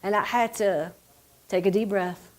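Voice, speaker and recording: A woman's voice: mid-range voice, steady tone, measured pace. A woman, telling a personal story of loss in a conversational, emotional way with many fillers. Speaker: police officer's widow.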